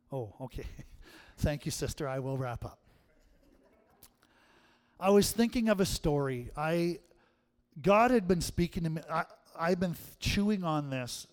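A middle-aged man preaching a sermon as pastor, swinging from hushed tones to loud, emphatic calls. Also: mid-range voice. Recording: long hall reverb.

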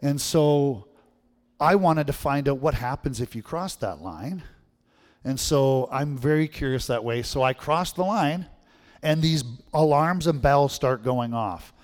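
A man's voice: medium pitch, expressive, a little slow, darkish tone. A middle-aged Canadian man from Manitoba preaching a sermon, telling stories and asking the crowd questions with a frequent "right?". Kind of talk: sermon with storytelling. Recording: long reverb in a hall.

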